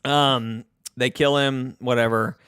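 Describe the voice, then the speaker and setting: Relaxed man with a smooth dry voice. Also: mid-range voice, takes it slowly, no echo. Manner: relaxed, rambling with fillers. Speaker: podcast co-host. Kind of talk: casual movie recap chat.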